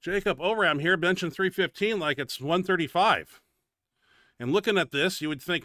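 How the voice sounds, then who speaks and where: His voice sits high and sounds bright and forceful at a normal speed, in a dry, clean studio recording. Hosting a bench press show, he talks over his training clips in a blunt, casual, foul-mouthed way and grumbles about his own setback.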